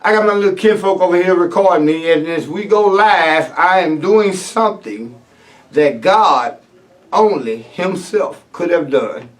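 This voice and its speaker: Man, high voice, talk-radio host, loose animated rant, live stream recording. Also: unhurried, far from the mic. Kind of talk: opinionated talk-radio commentary. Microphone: filmed by a relative for a live stream.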